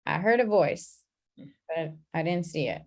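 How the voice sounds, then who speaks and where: A woman leading an online class on a video call, talking in a relaxed, chatty way and laughing at her own slips. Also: sits low, measured pace. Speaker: class facilitator.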